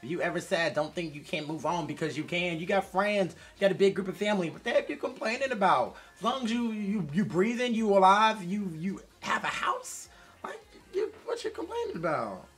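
Animated man reacting loudly to a music video. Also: high-pitched, brisk. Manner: animated, talks straight to viewers, shifts between loud excitement and quiet mumbling. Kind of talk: casual reaction commentary.

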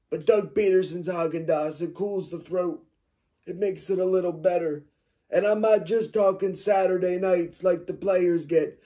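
A man impersonating a smug older male football executive, with a raspy, smoke-worn voice and slow, boastful rambling. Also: high voice, dark tone. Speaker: mock interview guest.

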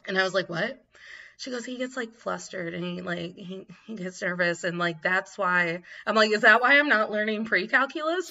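A woman's voice: mid-range voice, pushed and bright, muffled recording. A woman co-hosting a podcast, telling a story casually, laughing often and acting out quotes. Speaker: podcast co-host.

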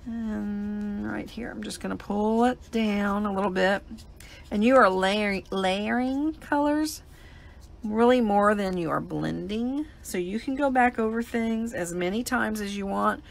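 A woman's voice: medium pitch, unhurried, gravelly, slight background noise. A woman hosting a live paper crafting demonstration, chatting and explaining each step as she works at a desk mic.

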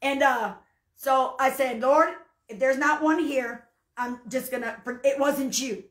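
A woman with a high voice tells her testimony in a folksy, down-to-earth way, now and then rising into fervent praise. She preaches to listeners, and her voice rings in an echoey room. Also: fairly even intonation, a little slow. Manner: fervent, breaks into shouts of hallelujah; folksy storyteller. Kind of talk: spoken testimony and sermon.

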